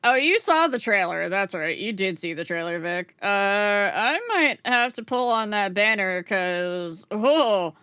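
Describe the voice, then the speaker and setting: A woman's voice: medium pitch, lively intonation, unhurried, hardly any pauses, sharp tone, clear, resonant tone, dry recording, clean studio sound. A woman streamer chatting casually with her live chat while she crochets, swearing freely and laughing often.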